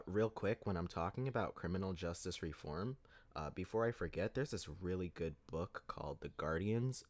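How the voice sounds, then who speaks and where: Animated man with a low voice. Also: dry recording, clean studio sound. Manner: emphatic, rhetorical, keeps asking "right?". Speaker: podcast host. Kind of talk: opinion commentary monologue.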